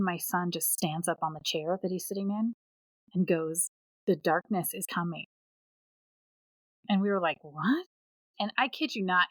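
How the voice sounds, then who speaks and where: A woman co-hosting a podcast, telling her own stories in a relaxed, conversational way. She gets animated and acts out the people she quotes. The sound is close and dry. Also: fairly low pitch, no echo, rough recording. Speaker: podcast co-host. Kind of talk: casual storytelling chat.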